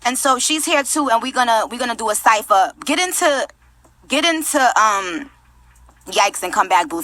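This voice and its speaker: A brash woman hosts a radio show in casual, profane chat. Her voice sits high and bright, and it swings widely up and down as she talks. She speaks into a studio microphone. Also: normal speed. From Queens, New York. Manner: loud, brash and profane, animated.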